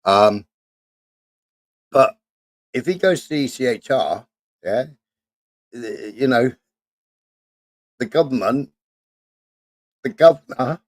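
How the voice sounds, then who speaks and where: A man's voice: mid-range voice, no room sound. A man hosting a casual live-stream debate, repeating himself and tagging lines with "right" and "yeah". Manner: repetitive, keeps adding "right" and "yeah". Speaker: stream host.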